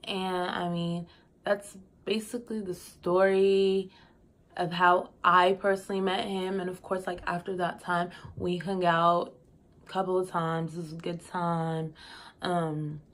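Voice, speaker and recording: A young woman telling a casual storytime, chatty and expressive with slangy asides and frequent laughs. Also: fairly low pitch, unhurried. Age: young adult. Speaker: vlogger.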